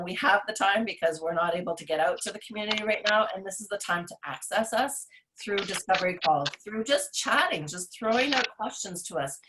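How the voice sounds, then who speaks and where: A middle-aged woman with a somewhat low voice, chatting casually as a podcast co-host. She talks in long, earnest, rambling stretches, circling back with fillers and restarts, like someone on a friendly rant. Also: a bit bright, a little hiss or hum. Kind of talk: casual chat.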